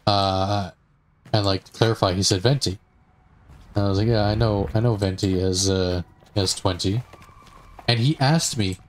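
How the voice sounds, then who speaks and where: A man chatting casually as he plays a game, rambling through stories with lots of fillers and asides. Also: fairly low pitch. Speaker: gaming streamer. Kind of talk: casual gameplay commentary.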